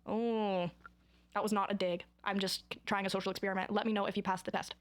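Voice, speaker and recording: A woman's voice: medium pitch, little pitch movement, fairly quick. A young woman chatting to camera in a rambling, goofy, self-mocking way about her own habits. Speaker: vlogger. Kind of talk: casual chat to camera.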